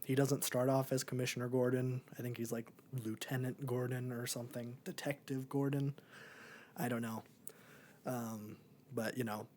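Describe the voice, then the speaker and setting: In a mid-range, slightly mellow voice, this young man co-hosts a laid-back podcast movie review. He wanders through his thoughts casually, using plenty of filler.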